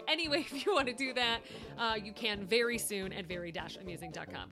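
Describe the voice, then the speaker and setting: A woman's voice: fairly high pitch, fairly quick. A woman hosting a podcast, chatting through a casual, self-deprecating outro. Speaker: podcast host. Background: music.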